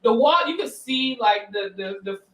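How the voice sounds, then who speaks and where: A woman co-hosting morning radio tells stories with a very lively, swooping pitch, jumping into voices for the people in them. She sits a little off the mic in a roomy, echoing studio. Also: moderate pace, distant mic. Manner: animated anecdotes, acting out other people's voices. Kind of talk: casual radio banter, storytelling.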